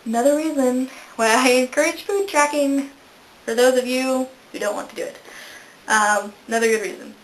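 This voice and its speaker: A woman in her twenties vlogs casually to camera at a moderate pace, her voice a little high. Chatty and giggly, she often pokes fun at herself. She's indoors in a room of a house, and the recording is echoey.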